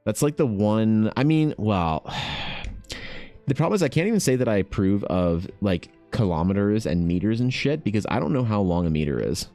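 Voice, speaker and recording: A man's voice: on the low side, lively intonation, normal speed, mellow, no room sound, faint music behind. A man streaming while he draws, chatting casually in a laid-back, rambling way and swearing freely. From Canada. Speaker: art streamer.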